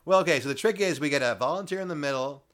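A man's voice: on the high side, racing, a bit bright. A man hosting a podcast, interviewing a guest with dry, teasing humor. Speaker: podcast host.

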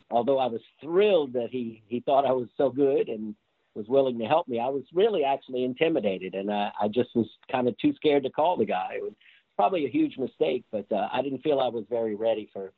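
A man, an interview guest, recounts his street-performing days in a lively, chatty way, breaking into laughter now and then. His voice comes through a thin, phone-like line. There is little room sound around him. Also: mid-range voice, no room sound. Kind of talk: casual storytelling interview. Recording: tinny phone-like line, dry.

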